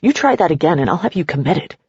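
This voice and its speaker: A woman's voice: lowish voice, big pitch swings, quick pace, a little mellow, husky, no echo, muffled recording, full character voice. A woman reading the lines of a controlling, angry partner in a curt, scolding way.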